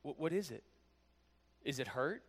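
Animated high-voiced male preacher. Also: normal speed, breathy edge. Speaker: pastor. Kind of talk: sermon.

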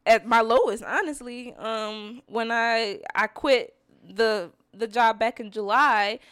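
A soft-spoken young woman talks earnestly in a casual chat and giggles often. Her voice sits a little high, and the recording is dry and close, with no room sound. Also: slow, clear, resonant tone, no echo. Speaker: podcast co-host.

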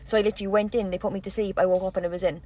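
A woman chatting casually with a friend, quick to react. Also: medium pitch, little pitch movement, dark tone, a little hiss or hum. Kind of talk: casual chat.

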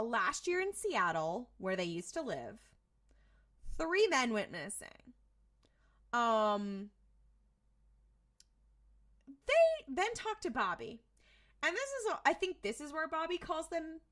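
A woman co-hosting a podcast, recapping an episode in casual chat, animated and sweary. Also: on the high side, takes it slowly, long pauses. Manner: animated retelling, swearing, many fillers. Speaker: podcast co-host.

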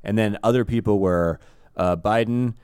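Young male non-native co-host, smooth and lowish, wry mocking paraphrases. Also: moderate pace, a little mellow, no echo, clean studio sound. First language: not English. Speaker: podcast co-host. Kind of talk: casual chat.

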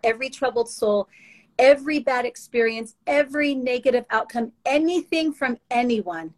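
Brief: earnest woman guest, a touch high-pitched, emotional testimony with halting restarts. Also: rough recording. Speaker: guest sharing faith testimony. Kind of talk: heartfelt spoken testimony.

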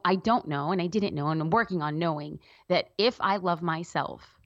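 A woman's voice: fairly low pitch, no room sound, muffled recording. A woman speaking as an interview guest, earnest and reflective, with many "like" fillers. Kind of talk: candid personal interview talk.

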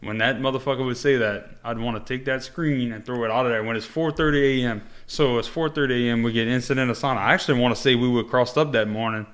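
A man's voice: mid-range voice, steady tone, fast talker, few pauses, fairly bright tone. Laid-back man telling stories. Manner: laid-back storyteller, frequent fillers and profanity. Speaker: podcast host, former paramedic. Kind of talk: casual conversational interview.

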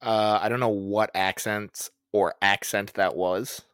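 A young man co-hosting a casual podcast, chatty and animated, swearing casually while telling stories. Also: on the low side, a little slow, smooth, dry recording. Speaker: podcast co-host.

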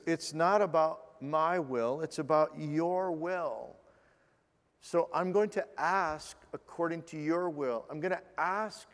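A man preaching a sermon as pastor, earnest, slowing down for scripture and dropping to a hush in prayer. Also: on the high side, in a large hall.

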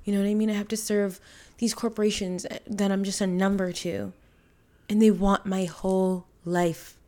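A young woman in a casual podcast monologue, speaking candidly and emotionally. She rambles, with many fillers and restarts, at a mid-range pitch. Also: level tone, normal speed, mellow. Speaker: podcast host.

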